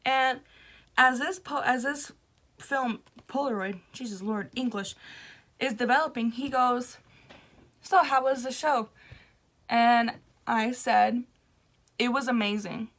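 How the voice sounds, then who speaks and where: A woman's voice: a little high, slow, long pauses. A young woman vlogger casually recounting a story, laughing often and acting out the people she quotes. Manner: animated, laughing, acts out quoted voices.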